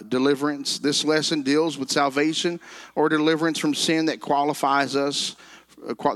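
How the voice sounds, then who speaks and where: With a medium-pitched, somewhat bright voice, a man teaches from the Bible in a measured, earnest manner. He quotes scripture and lingers on the important words.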